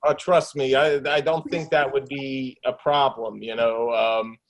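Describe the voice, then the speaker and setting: A man's voice: medium pitch, level tone, unhurried, poor audio. A man, an actor and filmmaker, talking enthusiastically in a casual interview from home, with many fillers and restarts. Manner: enthusiastic, rambling, lots of fillers. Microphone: desktop USB microphone with pop shield.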